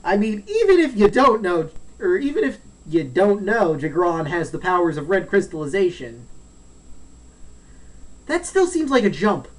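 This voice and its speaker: A man's voice: sits high, very animated, normal speed. A man talking through a game's plot in an offhand, joking way, often trailing into asides. He sits a little back from the mic, so his voice sounds somewhat distant. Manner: rambling, jokey, acts out character lines. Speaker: let's play host. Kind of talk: casual game story recap.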